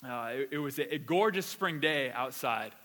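A man's voice: medium pitch, lively intonation, moderate pace, sharp tone, in a large hall. A man preaching a conversational sermon. He tells stories casually and animatedly, repeating words as he goes. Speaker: pastor. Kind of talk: conversational sermon with personal story.

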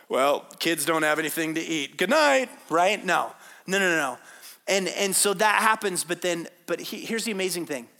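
A male pastor with a high, bright and keen voice delivers a sermon. He talks in a lively, conversational way, now loud and now hushed. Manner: animated, conversational preaching, swings from loud to quiet.

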